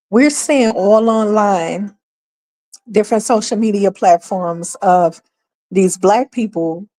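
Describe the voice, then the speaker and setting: A woman's voice: medium pitch, dark tone. A woman hosting her own livestream, talking casually and emphatically straight to her viewers and repeating her points. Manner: chatty and emphatic, addresses viewers directly, repeats points, breaks into laughs. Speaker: host of her own talk stream.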